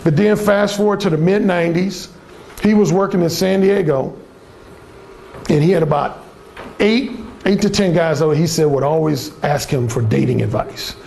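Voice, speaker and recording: A man's voice: fairly high pitch, moderate pace, creaky, a little mellow, slight background noise. An older man telling a crude, swaggering story in a blunt, casual way as a dating coach.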